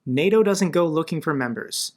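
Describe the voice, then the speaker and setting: Blunt and conversational, an American political commentator reacts to the news in a casual video, growing more indignant as he goes. His voice sits on the high side, a little mellow, animated and at normal speed.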